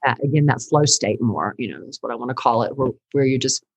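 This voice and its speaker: Middle-aged woman guest, low and husky, lively storyteller, dry close recording. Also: quick pace, no echo, low-quality recording. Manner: animated storytelling, laughs often. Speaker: guest, counselor and teacher. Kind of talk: conversational podcast interview.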